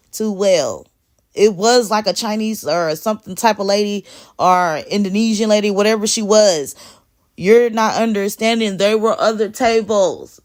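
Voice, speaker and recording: A woman talking live to viewers on her phone, emphatic and repeating her phrases as she answers the chat. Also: medium pitch. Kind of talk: casual live stream talk.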